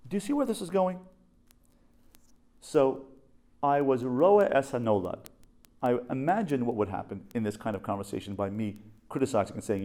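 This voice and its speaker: A man in his fifties from Canada, a rabbi teaching a class, telling stories with animation and slowing down to stress key phrases. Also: medium pitch, lively intonation, warm tone.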